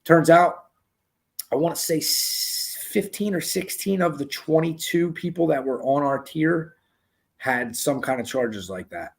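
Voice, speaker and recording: A man's voice: on the high side, measured pace, slightly rough. A man hosting a podcast, telling rambling, profane stories in casual chat. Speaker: podcast host. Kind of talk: casual storytelling.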